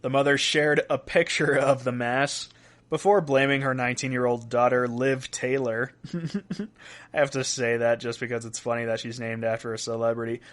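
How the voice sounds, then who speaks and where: A man's voice: mid-range voice, fairly bright tone. A young adult man hosting a casual weird-news podcast, reading quotes aloud and chuckling between stories. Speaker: podcast host.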